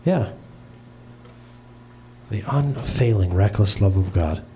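A man in his thirties, a pastor preaching a humorous sermon from a church stage. He tells stories with animated comic voices and quick asides. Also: on the low side, slight background noise.

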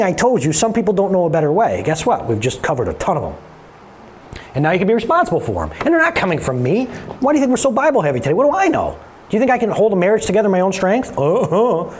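A man delivering a lively sermon, his slightly high voice rising and falling all over as he talks straight to the room. He keeps it conversational and animated, pulling the congregation along with him. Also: slight background noise. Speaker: pastor.

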